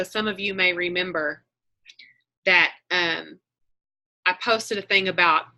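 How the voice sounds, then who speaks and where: With a lowish, sharp-toned voice, a woman hosts an online group over video, chatting in a rambling way and often fixing her sentences midway in this casual call.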